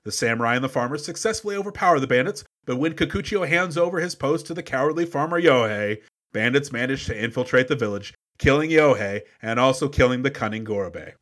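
A man's voice: medium pitch, lively intonation, fast, a bit bright. A man co-hosting a podcast, recapping a movie with enthusiastic, profane storytelling on a close mic. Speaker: podcast co-host. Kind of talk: casual movie recap chat.

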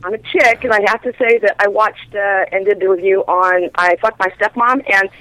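A woman's voice: mid-range voice, fairly even intonation, normal speed, fairly bright tone, no room sound, rough recording. A woman calling in to a talk show, gushing eagerly like a fan. Her voice sounds dry and close, with no room around it. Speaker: caller. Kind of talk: casual chat.

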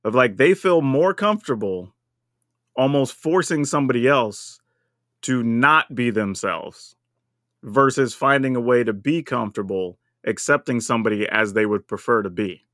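Male podcast co-host, mid pitch, dry close mic, lively musing delivery. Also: normal speed, dry recording. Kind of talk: casual chat.

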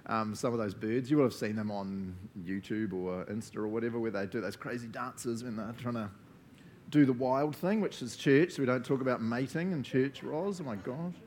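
A man in his thirties with a New Zealand accent, leading a relaxed church talk and prayer, chatty and often tagging his sentences with "eh?". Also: medium pitch, moderate pace, a little hiss or hum. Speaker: church leader. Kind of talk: casual sermon with group discussion. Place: church gathering.

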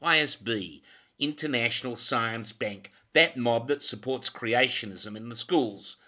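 A man's voice: medium pitch, measured pace, sharp tone. A man voicing a pompous male church president who speaks formally and turns threatening. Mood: sombre.

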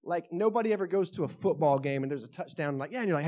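A man in his thirties with a Texan accent, preaching a lively sermon to his congregation and asking them questions as he goes. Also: fairly high pitch, fast talker. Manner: lively storytelling with bursts of shouting; conversational, asks the congregation questions. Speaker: pastor. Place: church sanctuary.

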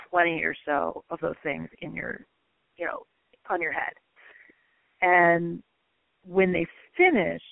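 A woman with a lowish, gravelly voice, guesting in a casual interview, tells a personal story animatedly, packed with "like" fillers and laughing mid-sentence. The recording sounds like a tinny phone line and is dry, with no echo.

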